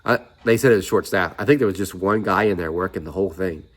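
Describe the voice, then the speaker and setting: Low-voiced rambling middle-aged man. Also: fast, a bit bright. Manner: rambling, chatty storytelling with asides. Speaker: vlogger. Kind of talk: casual chat.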